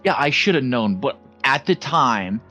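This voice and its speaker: A young man in casual chat with friends, telling a story in an animated, dramatic way. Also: mid-range voice, unhurried, soft background music.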